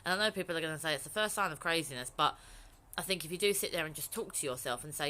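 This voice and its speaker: A woman's voice: low-pitched, rapid-fire, few pauses, bright, forceful tone, a little hiss or hum. A young woman from England talking frankly in a personal vlog, rambling and swearing freely. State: emotional, near tears. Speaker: vlogger.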